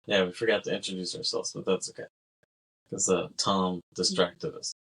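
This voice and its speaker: A man hosting a casual movie podcast, relaxed and laughing often as he recaps scenes. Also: low voice, moderate pace, breathy edge. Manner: laid-back, laughs often, acts out quoted lines. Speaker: podcast host.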